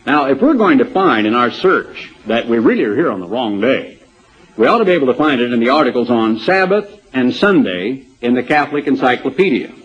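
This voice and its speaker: A man's voice: medium pitch, big pitch swings, fairly quick, breathy edge. A man preaching a sermon in a conversational way, reading aloud and adding asides and rhetorical questions. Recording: dull lo-fi sermon tape.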